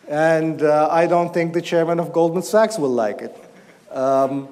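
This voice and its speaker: A man, an economics professor, giving an explanatory academic talk and answering questions, often pausing and restarting his sentences. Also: medium pitch, a little mellow, in a large hall. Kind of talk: academic lecture and Q&A. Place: lecture hall.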